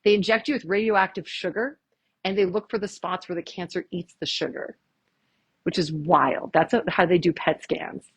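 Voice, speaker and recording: Woman, husky voice, chatty workshop talk, dry close sound. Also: lowish voice, no room sound. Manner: chatty, animated, quick asides and jokes. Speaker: chiropractor giving a health workshop. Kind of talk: casual lecture to a live audience.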